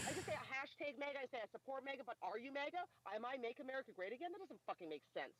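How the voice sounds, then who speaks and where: A fast-talking woman in full rant mode, her pitch swinging widely as she swears her way through each point. She comes across over a remote call with plenty of heat. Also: rough recording. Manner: fast, animated, swearing a lot. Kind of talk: heated casual rant.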